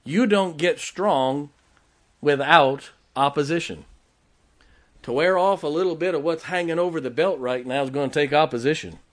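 A man's voice: a little high, moderate pace. A man preaching a sermon as pastor, emphatic, with rhetorical questions, joking asides and check-ins with the congregation.

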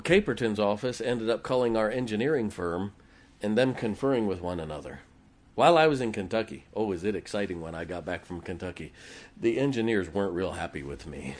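A man, a pastor, preaching a sermon in a folksy storytelling way, acting out quoted conversations. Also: on the low side.

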